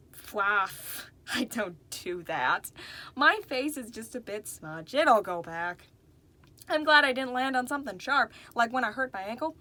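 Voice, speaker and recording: A woman's voice: on the high side, sharp tone. A woman narrating a first-person storybook in a folksy, drawling way. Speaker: audiobook narrator.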